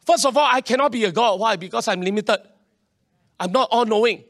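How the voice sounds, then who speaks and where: A man preaching a sermon, animated, with local particles and many restarts. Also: sits high, brisk. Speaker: pastor.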